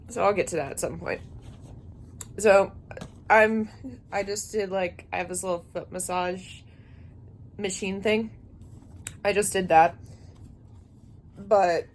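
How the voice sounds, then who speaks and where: Young female booktuber, exhausted and drowsy, chatting casually at night. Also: a little hiss or hum. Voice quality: sleepy, low-energy delivery. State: tired, yawning. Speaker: book vlogger. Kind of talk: casual late-night vlog.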